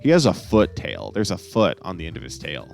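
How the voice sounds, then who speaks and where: A man's voice: low-pitched, sing-song, fairly quick, vocal fry, darkish tone, soft background music. A young man hosting a casual comic review podcast, rambling along with sarcastic asides. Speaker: host.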